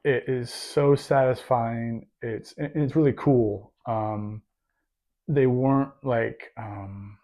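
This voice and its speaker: A man's voice: medium pitch, fairly even intonation, slow pace, mellow. A man co-hosting a podcast in casual chat, rambling and self-deprecating with lots of fillers. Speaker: podcast co-host.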